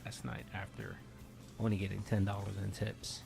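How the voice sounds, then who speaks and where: A man with a gravelly, low voice gives a mock-solemn, sarcastic recap. He sounds preachy as a joke. Faint music sits under his voice. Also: lively intonation, moderate pace.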